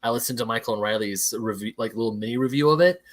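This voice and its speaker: A man's voice: mid-range voice, fast. A man co-hosting a casual podcast chat, speaking hesitantly with restarts and questions.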